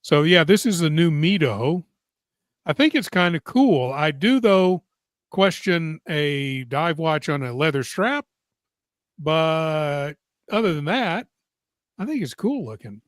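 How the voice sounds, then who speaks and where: A man's voice: a little high, big pitch swings, slow, dry recording, clean studio sound. Chatty man hosting a live stream. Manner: chatty, reads viewer comments aloud. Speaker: host. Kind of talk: casual live-stream chat.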